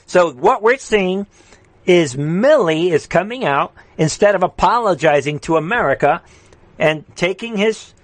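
A man's voice: lively intonation, a little slow, no room sound. Ranting male political streamer, dry sound. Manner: ranting, taunting, with sudden loud jumps in pitch. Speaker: host of a political live stream. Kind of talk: heated political commentary.

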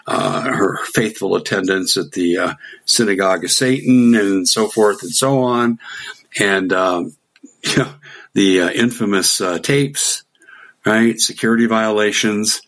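A man's voice: on the low side, fairly bright tone. A middle-aged man casually telling a long anecdote, acting out quoted dialogue with occasional chuckles. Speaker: guest telling a story. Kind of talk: casual storytelling.

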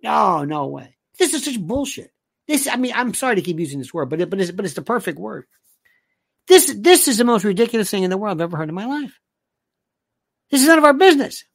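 A man's voice: high-pitched, sing-song, fast talker. Male show host, casual rant, sarcastic and exasperated, with lots of rhetorical questions and restarts.

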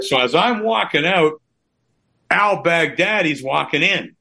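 Man from Canada, middle-aged, guest author on a livestream; bright tone, rambling storyteller who repeats himself. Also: a little high, lively intonation, measured pace, creaky. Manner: rambling, repeats words and restarts.

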